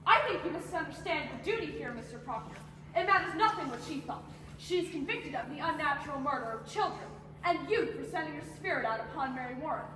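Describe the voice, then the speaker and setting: A woman's voice: high voice, animated, pushed and bright, a little hiss or hum. Girl playing a stern pious magistrate. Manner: insistent, drawn-out questioning. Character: stern pious magistrate man, pressing for confession. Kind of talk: high school stage play. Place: school auditorium stage. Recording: echoey hall from far off, phone.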